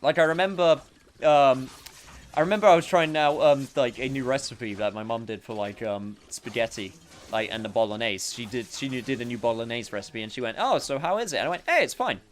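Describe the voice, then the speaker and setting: A man's voice: mid-range voice, fairly even intonation, a little fast. A man giving casual let's-play commentary while he plays, rambling and full of fillers. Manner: rambling, filler-heavy, self-interrupting. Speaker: gameplay commentator.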